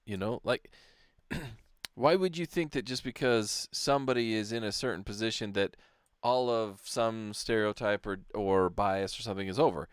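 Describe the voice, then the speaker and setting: A man co-hosting a podcast, relaxed and agreeable, often chuckling in casual banter. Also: lowish voice, normal speed, smooth, dry recording, studio quality. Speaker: podcast co-host.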